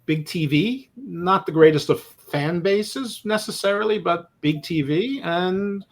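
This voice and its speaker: A man's voice: sits high, animated, unhurried. A man co-hosting a casual sports podcast, rambling with stammered restarts and self-deprecating jokes. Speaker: podcast co-host.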